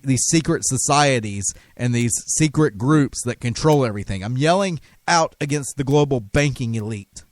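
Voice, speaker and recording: A man's voice: medium pitch, dry recording. Impassioned ranting man, dry sound. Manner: impassioned, emphatic ranting with repeated restarts. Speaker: radio show host. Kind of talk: conspiracy talk radio rant.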